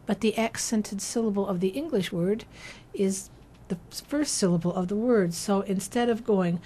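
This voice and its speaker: A woman talks through how she sets hymn texts to chant, in a patient, teacherly way. Her voice sits in a middle register. Every so often she pauses to sing a brief phrase as an example. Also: mid-range voice, mellow, slight background noise. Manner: careful, teacherly, breaks into short chanted phrases. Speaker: church chant composer and translator. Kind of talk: explanatory interview talk with sung examples.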